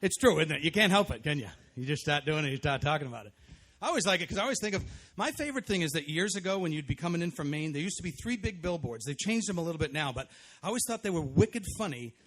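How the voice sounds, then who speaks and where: A man emceeing a live show on an outdoor festival stage, energetic and joking with the crowd. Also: a little high, fast talker, few pauses. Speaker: master of ceremonies.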